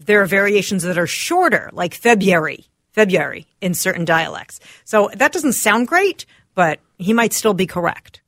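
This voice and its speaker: A woman co-hosts a radio show from the studio, chatty and quick to read answers aloud from her phone. Her voice is mid-pitched and sits close and dry on the mic, with no room sound. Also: very animated, fairly bright tone, dry recording. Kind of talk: casual studio banter.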